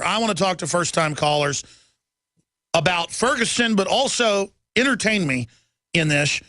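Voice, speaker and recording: A man's voice: high voice, creaky, pushed and bright, no echo. A man hosting a talk radio show, ranting urgently and emphatically, firing off lists. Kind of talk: political rant monologue.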